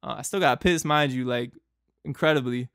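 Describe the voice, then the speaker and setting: A man's voice: mid-range voice, normal speed, a bit bright, dry recording, studio quality. A young man from Boston, hosting a podcast and telling a travel story in a loose, rambling way, full of fillers and laughs. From Boston, United States. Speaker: podcast host.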